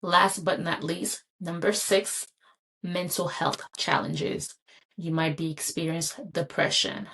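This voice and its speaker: A woman with a notably low, deep voice talks alone on her podcast. Her delivery is earnest and reassuring, circling back on key phrases to encourage the listener. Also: a bit bright, a little hiss or hum. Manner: earnest, encouraging, repeats for emphasis. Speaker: podcast host. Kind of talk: solo motivational podcast talk.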